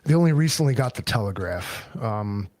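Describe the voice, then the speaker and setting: A man from New York hosting a livestream on a video call, telling stories in a loose, profane, animated way. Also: lowish voice, brisk, no room sound. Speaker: livestream host. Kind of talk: casual chat.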